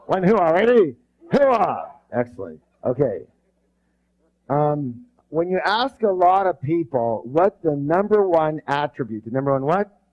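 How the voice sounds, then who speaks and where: This man's voice is fairly high and his pace measured as he leads a live motivational seminar built on call-and-response. Full of energy, he fires rhetorical questions at the crowd and gets emphatically loud when talking about passion, all in a dull, muffled lo-fi recording.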